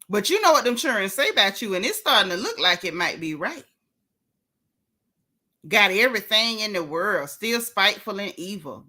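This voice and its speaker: A sassy woman hosting a gossip vlog, scolding her target with one rhetorical question after another. Her voice sits a little high and swings widely up and down. The tone is bright and sharp. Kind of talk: casual gossip commentary.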